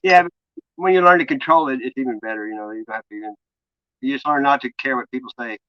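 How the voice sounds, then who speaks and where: A man's voice: medium pitch, fast, highs cut off, a little hiss or hum. A man hosting a live stream in casual chat, telling rambling stories with plenty of swearing. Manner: rambling, profane storytelling. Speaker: stream host.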